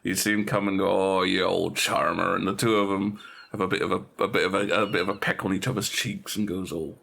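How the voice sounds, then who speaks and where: Gravelly man running a tabletop game. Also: lowish voice, level tone, fast talker, a bit bright. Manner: rambling, stumbling narration. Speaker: game master.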